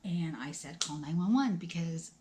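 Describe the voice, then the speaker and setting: A woman's voice: on the low side, moderate pace, noisy background. A woman in her forties telling a personal story to the camera in a conversational, emotional way, acting out the dialogue and dropping to a whisper at times. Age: 40s. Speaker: vlogger.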